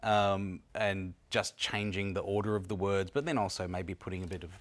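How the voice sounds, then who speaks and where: A man from Adelaide with an Australian accent, a radio guest who tells relaxed anecdotes and laughs off teasing. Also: sits low, moderate pace. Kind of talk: casual radio chat.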